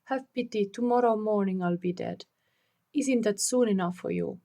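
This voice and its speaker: A frantic young prisoner pleads and begs in a trembling storybook reading, as a woman puts her on. Her voice sits at an ordinary middle pitch. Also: moderate pace, dark tone, close to an everyday voice. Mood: pleading.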